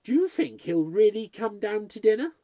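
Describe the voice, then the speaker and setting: A man's voice: high voice, big pitch swings, moderate pace, dry recording, pitched above the performer's own voice. A man playing a bossy old kitchen cook. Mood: brisk. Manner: sharp, bossy, no-nonsense. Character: brisk older woman cook, scolding and practical.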